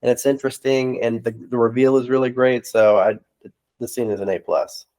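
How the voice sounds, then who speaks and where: A man co-hosting a casual movie podcast, calmly judging scenes. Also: medium pitch, moderate pace. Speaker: podcast co-host.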